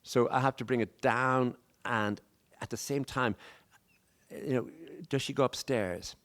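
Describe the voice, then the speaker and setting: A man's voice: medium pitch, unhurried, fairly bright tone. A man with an Irish accent, an author speaking on stage at a live book event. He tells stories in a rambling way, with asides and restarts. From Ireland. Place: stage before a live audience.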